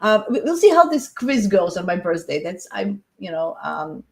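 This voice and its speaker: Woman host, chatty and encouraging, mid-pitched, live-stream astrology chat. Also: sing-song, moderate pace, gravelly, a little mellow. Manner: chatty, encouraging, laughs often.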